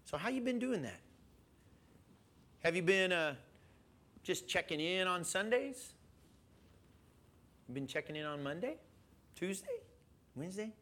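A man preaching a sermon in an animated way, questioning his listeners and chuckling as he goes. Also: high-pitched, a little slow, long pauses. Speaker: pastor.

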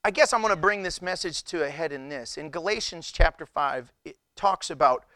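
A fairly quick, higher-pitched male pastor animatedly tells stories during a humorous sermon, breaking into laughter and incredulous exclamations. The audio is studio quality with no room sound.

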